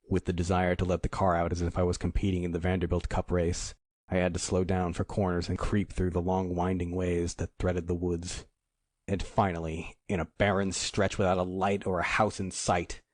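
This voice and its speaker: Male audiobook narrator, very low voice, dry close recording. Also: a little mellow, no room sound. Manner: measured, dramatic storytelling. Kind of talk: scripted first-person narration.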